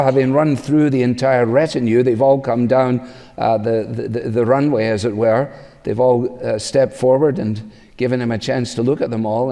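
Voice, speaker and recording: Preacher in a reverberant hall. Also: male voice, medium pitch. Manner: expressive preaching, slows for emphasis, acts out questions in a rising voice. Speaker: pastor. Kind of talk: sermon.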